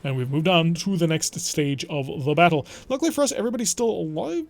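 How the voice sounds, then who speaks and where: Wry young male streamer, slightly high voice, chatty play-by-play with mock exasperation. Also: big pitch swings, fairly quick. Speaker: gaming streamer. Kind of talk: let's play gameplay commentary.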